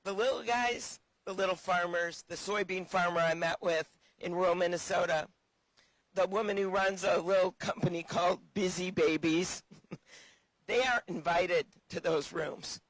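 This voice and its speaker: A senator speaking passionately at an outdoor rally, her voice hoarse and worn, clearing her throat now and then. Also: lowish voice, steady tone, moderate pace, no echo, rough recording. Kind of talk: rally speech.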